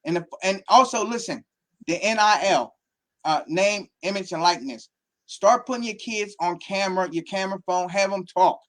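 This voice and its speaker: A man's voice: sits high, moderate pace. A man, a football academy coach from Pittsburgh, talking casually in an interview and acting out quotes as he tells stories. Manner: animated storytelling, acts out quotes.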